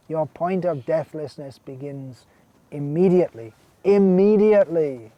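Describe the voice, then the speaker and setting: Male monk, sermon delivery, earnest and emphatic, fairly high, mellow-toned voice. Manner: earnest, emphatic, repeats key words, reads out quotations. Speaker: monk lecturing on scripture.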